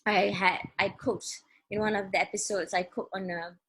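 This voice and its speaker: Malaysian woman chef chatting on a radio show, breathy voice, animated, laughs a lot. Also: mid-range voice, normal speed, low-quality recording. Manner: animated, laughs often, acts out quotes. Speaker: celebrity chef guest. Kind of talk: casual radio interview storytelling.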